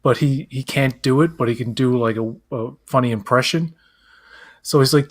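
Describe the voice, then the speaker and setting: A man's voice: medium pitch, moderate pace. A man co-hosting a live pop-culture chat, rambling, acting out quotes and searching aloud for names. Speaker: co-host. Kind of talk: casual chat.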